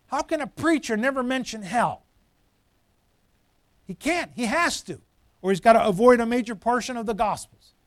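A pastor delivers a sermon in a high, forceful, animated voice at normal speed, rising nearly to shouts on key points and dropping to muttered asides, with long pauses. The sound is close and dry, with no echo or room around it.

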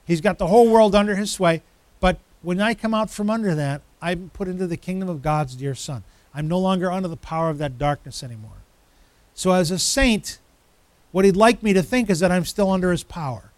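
A man's voice: high voice, animated, brisk, no echo. A man preaching a sermon as pastor, emphatic, building through repeated phrases.

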